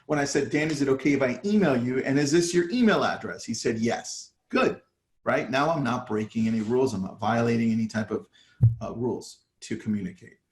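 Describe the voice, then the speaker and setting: A man's voice: mid-range voice, a little fast, darkish tone, echoey room. A man coaching real estate agents in a casual live talk, acting out his phone calls with sellers. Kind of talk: live online training talk.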